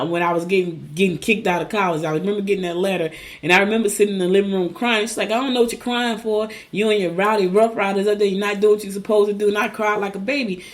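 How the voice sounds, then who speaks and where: Chatty middle-aged woman hosting a show. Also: on the low side. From Newark, New Jersey. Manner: chatty, personal storytelling to viewers as y'all. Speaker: host. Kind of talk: casual talk show monologue.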